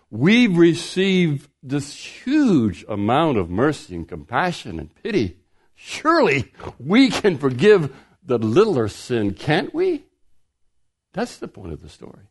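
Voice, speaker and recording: Animated preacher man. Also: on the high side. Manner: animated, rhetorical questions to the congregation. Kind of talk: sermon.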